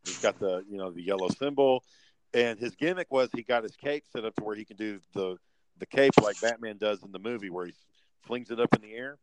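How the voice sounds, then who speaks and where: This podcast co-host, a man with a lowish voice, speaks fairly quickly as he shares a convention story full of swearing and acted-out lines from others. Heavy background noise fills the recording.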